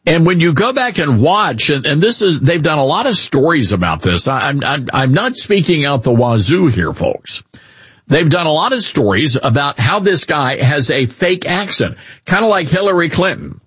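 A middle-aged man hosting a radio talk show, chatting in an animated, joking, rambling way. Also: on the high side, normal speed, husky, no room sound. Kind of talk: casual opinion talk.

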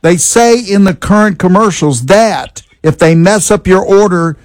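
An older man in his sixties co-hosts a radio show with dry, wry humor. His voice sits a little high for a man. The sound is close and dry, with no room around it. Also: unhurried, no room sound. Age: about 60s. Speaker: radio co-host. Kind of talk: casual radio banter.

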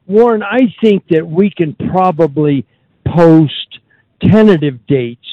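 A male radio host chats casually in a folksy, rambling way, often pausing on fillers. His voice sits a bit high for a man and sounds close and dry in the studio. The sound is slightly muffled. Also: dry recording. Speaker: radio talk show host. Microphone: studio microphone.

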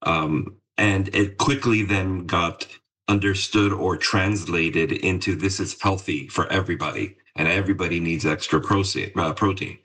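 A deep-voiced man with a husky edge answers interview questions casually. He hedges and fills his pauses, then jokes at his own expense. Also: fairly bright tone, poor audio. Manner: chatty, self-deprecating, with hesitant fillers. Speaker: interview guest, marketing executive.

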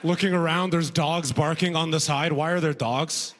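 On a club stage, a man from Canada delivers a stand-up set in a voice on the high side, steady and fairly bright, at a moderate pace. He's conversational and punchy with the audience, chuckling at his own jokes, with faint noise and a long hall reverb in the recording.

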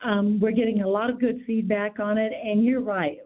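A woman's voice: mid-range voice, normal speed. Woman calling in over a tinny phone line. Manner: steady, informative, lists details. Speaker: guest, local party volunteer organizer. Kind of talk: phone-in radio interview. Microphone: telephone.

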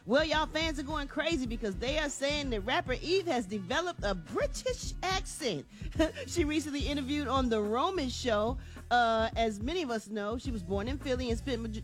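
A woman hosts a morning radio entertainment segment. She speaks in a slightly high voice, keeping it chatty and casual. Her talk is loose and friendly. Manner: chatty, casual, uses "y'all". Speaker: radio entertainment news host.

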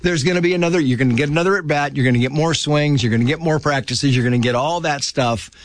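A man chatting as a guest, telling lively stories and acting out the people in them. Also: on the high side, quick pace. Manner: animated, acts out quoted voices. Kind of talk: casual storytelling.

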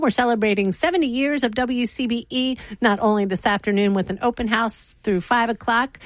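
A woman's voice: on the high side, brisk, hardly any pauses, dry recording. A woman hosting a radio show from the studio, chatting casually and laughing often. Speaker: radio host. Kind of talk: casual on-air chat.

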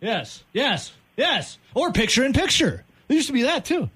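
A man hosting a sports talk radio show, ranting in exasperation, his voice jumping high when he gets worked up. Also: big pitch swings, normal speed, bright, forceful tone, slightly rough, no room sound. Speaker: radio host.

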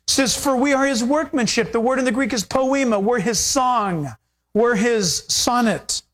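A man preaching a sermon as pastor, animated and playing out voices in his stories. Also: very high voice. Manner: animated, acts out quoted voices with laughter.

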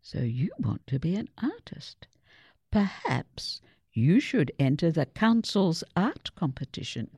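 A woman plays an encouraging schoolteacher in a storybook reading, nudging her pupil along. The voice is husky and mellow, with a slow pace. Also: mid-range voice, huge pitch swings, dry recording, pitched above the performer's own voice, full character voice. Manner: brisk and encouraging.

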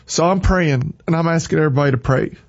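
A man's voice: a little high, fast, dry recording. A man giving an emotional, preachy faith talk on a livestream, with a slightly dull lo-fi sound.

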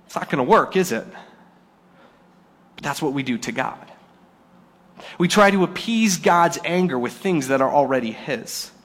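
A male pastor delivers a sermon at a church service, his voice sitting a little high for a man. He tells stories with animation, swinging between loud, pushed lines and soft, drawn-out ones. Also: long reverb tail. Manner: animated storytelling, acting out scenes in quotes. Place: church service before a congregation.

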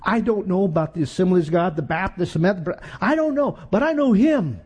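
A man in his sixties preaching a sermon, telling personal stories that swing from loud and high to low and hushed. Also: expressive, fairly quick, breathy edge.

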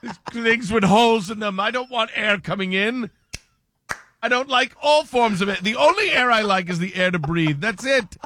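A man's voice: sits high, normal speed, bright, forceful tone, no room sound. A male co-host riffing in casual comic chat with a mock-pompous manner.

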